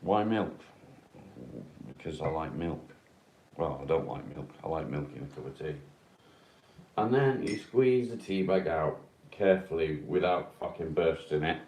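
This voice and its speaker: A man's voice: extremely low pitch, lively intonation, unhurried, darkish tone, a little hiss or hum. A man hosting a casual live stream at home in his kitchen, chatting bluntly, swearing freely and talking to his dog.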